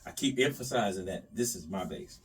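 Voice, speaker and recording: A man, chatting casually to viewers while he works on his bass. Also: a little fast, distant mic. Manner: animated, talks to himself and the viewers while sanding. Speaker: bass modder. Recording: sanding noise, voice off-mic.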